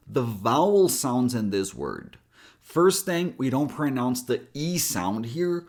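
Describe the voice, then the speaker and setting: Slow, careful male accent coach. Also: medium pitch. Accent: American. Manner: slow, careful, demonstrating sounds. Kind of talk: pronunciation lesson.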